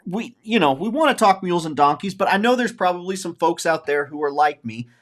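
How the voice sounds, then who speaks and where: A man in his forties hosting a relaxed talk podcast, his voice sitting a little higher than most men's. He speaks earnestly and warmly about his feelings, circling back on his phrases and restarting as the thoughts come. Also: fairly quick. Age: 40s. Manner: earnest, openly emotional, rambling with repeated phrases. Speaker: podcast host. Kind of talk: casual podcast chat.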